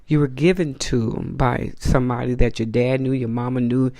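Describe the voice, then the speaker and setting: A man hosts his own channel, ranting bluntly and profanely to the camera in outrage, repeating points to hammer them home. His mid-range voice is steady and dark, at a moderate pace, captured in clean studio sound without echo.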